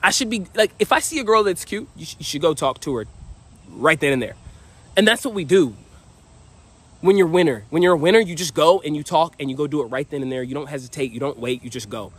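Young guy, slightly high voice, energetic slangy storyteller, casual vlog delivery. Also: quick pace, slightly rough. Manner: energetic, slangy, heavy use of "like". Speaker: dating vlogger.

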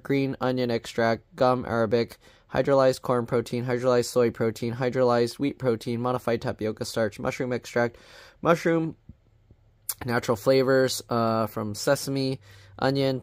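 A man in a relaxed vlog reviewing packaged food, reading the label aloud in a plain, steady way and dropping chatty asides as he goes. His voice sits in a middle pitch and the recording is dry, with little room sound. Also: clear, resonant tone, dry recording. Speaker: product reviewer. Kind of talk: casual product review vlog.

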